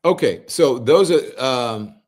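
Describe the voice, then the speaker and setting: A man's voice: mid-range voice, lively intonation, slow pace. Man hosting a casual livestream. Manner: conversational, reads viewer comments aloud and answers them. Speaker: host reading live chat comments.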